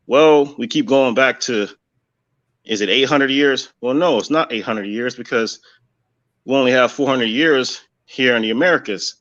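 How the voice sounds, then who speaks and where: A man's voice: mid-range voice, normal speed, a bit bright, dull audio. A man giving rambling religious commentary, thinking aloud with many fillers.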